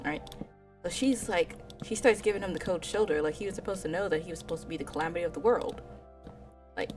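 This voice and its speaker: A woman's voice: fairly low pitch, lively intonation, fast, faint music behind. A woman streamer casually retelling an anime story while playing, rambling with slang and asides. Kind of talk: casual gaming stream chat.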